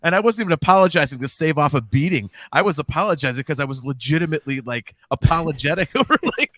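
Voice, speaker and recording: Male co-host, somewhat high voice, dry close mic, loose profane storyteller. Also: animated, fast, fairly bright tone, no room sound. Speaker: podcast co-host. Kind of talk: casual chat.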